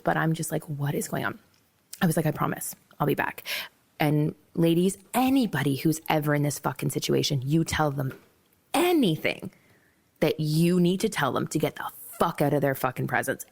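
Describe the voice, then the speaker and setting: A young woman hosting a podcast, telling a personal story candidly, blunt and expressive, swearing freely and acting out both sides of the dialogue. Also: deep voice, brisk, vocal fry, husky. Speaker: podcast host.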